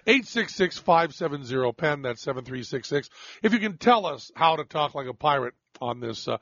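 A man's voice: a little high, a bit bright, no room sound, dull audio. A man hosting a radio show, chatting casually and rambling in a self-deprecating way with many restarts.

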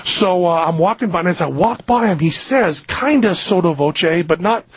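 A man hosting a talk radio show, telling a long story with animated delivery and popping into a high squeaky voice for his own lines. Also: normal speed, husky, no room sound.

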